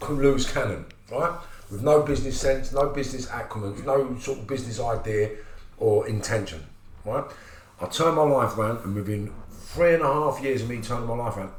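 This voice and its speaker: A man telling a lively anecdote in a casual podcast chat, often acting out the voices of others. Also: on the low side, reverberant, slight background noise. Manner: animated, acts out voices in anecdotes. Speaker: podcast host.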